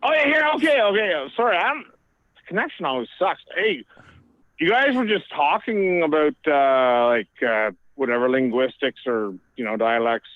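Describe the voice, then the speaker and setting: Rambling Canadian caller on a dull line. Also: male voice, fairly high pitch, animated, normal speed, dry recording. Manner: rambling, says "like" often. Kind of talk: casual chat.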